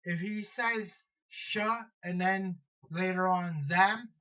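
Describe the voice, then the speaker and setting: A high-voiced man retells a superhero story at an unhurried pace, stumbling over restarts and fillers as he goes. The recording sounds dull and lo-fi. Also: steady tone, bright, forceful tone. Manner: rambling, halting, many restarts and fillers. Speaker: vlogger counting down superheroes.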